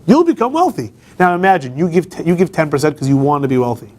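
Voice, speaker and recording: Guy teaching a class, kinda high voice, chatty, keeps asking the room stuff, restarts a lot. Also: wildly swooping pitch, quick pace, a little mellow. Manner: conversational, asks the class questions, frequent restarts. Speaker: campus rabbi teaching a class. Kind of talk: informal classroom lecture. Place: law school classroom.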